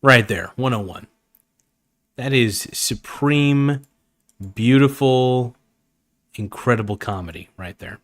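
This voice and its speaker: A man's voice: mid-range voice, a bit bright. A man hosting a live stream, chatting casually in an enthusiastic, rambling and jokey way.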